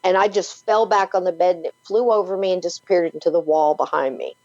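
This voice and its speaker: A woman's voice: on the low side, fast, darkish tone, no echo. A woman guest on an interview show, retelling a personal story vividly, full of "like" and "you know". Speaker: paranormal podcaster and author, guest. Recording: dull lo-fi, dry sound.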